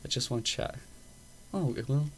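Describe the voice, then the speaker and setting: A man's voice: medium pitch, normal speed, slightly rough. A young man hosting a podcast, telling a loose, profane story full of fillers in casual chat. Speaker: podcast host. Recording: faint background noise.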